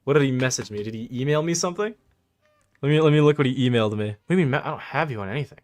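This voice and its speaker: A man's voice: medium pitch, rapid-fire, a little mellow. Young man mocking on a livestream. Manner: mocking, laughing, slangy. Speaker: livestream host. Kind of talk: casual livestream commentary.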